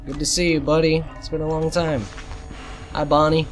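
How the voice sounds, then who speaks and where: A man commentating a horror game while losing his voice, joking with the characters and yelping loudly at scares. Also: fairly high pitch, little pitch movement, moderate pace, soft background music. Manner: jokey banter with game characters, yelps and shouts at jump scares. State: losing his voice, a bit sick. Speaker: gameplay commentator.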